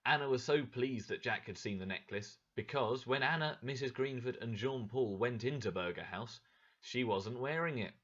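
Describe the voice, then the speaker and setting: A man narrating a story for English learners with a clear, expressive reading. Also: medium pitch, moderate pace, lo-fi sound.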